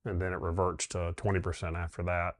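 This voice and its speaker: A middle-aged man, a dentist, telling his wife's story in a halting, heartfelt way, with many pauses and fillers. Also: sits low, little pitch movement. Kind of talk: personal reflective storytelling.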